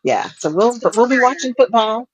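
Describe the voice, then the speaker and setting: A woman's voice: a little high, very animated, normal speed, breathy edge, dry recording, low-quality recording. A woman co-hosting a talk show, chatting casually and laughing often as she talks. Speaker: podcast co-host. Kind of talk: casual chat.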